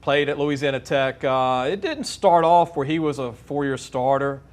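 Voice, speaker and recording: Male sports talk host, chatty, mid-pitched voice, asks loose leading questions. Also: lively intonation, normal speed. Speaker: radio sports show host.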